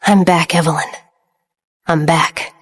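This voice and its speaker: A woman voicing a young man just out of a coma, speaking softly and reassuringly. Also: sits low, fairly even intonation, unhurried, husky. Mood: gentle. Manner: soft, reassuring.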